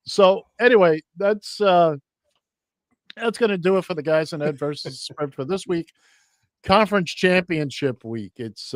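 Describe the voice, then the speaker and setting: A man hosting a casual radio talk show, rambling with a dry humor and plenty of halting fillers. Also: on the high side, dry recording.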